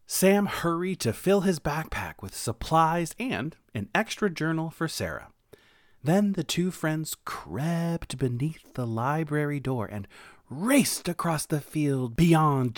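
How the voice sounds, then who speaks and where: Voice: mid-range voice, no echo, clean studio sound. A storyteller reading a picture book aloud to children, encouraging them and asking them questions. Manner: animated, encouraging, asks the listener questions.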